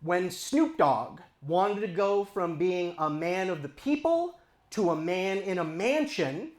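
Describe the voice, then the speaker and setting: A man's voice: high-pitched, reverberant. A man in his forties from eastern Los Angeles County doing a stand-up comedy set on a club stage, talking to the crowd in a conversational, self-deprecating way. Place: comedy stage before a live audience.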